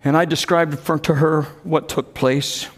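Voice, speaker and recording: A man preaching a sermon, telling a story emphatically and growing loud when he quotes others. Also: a little high, little pitch movement, measured pace.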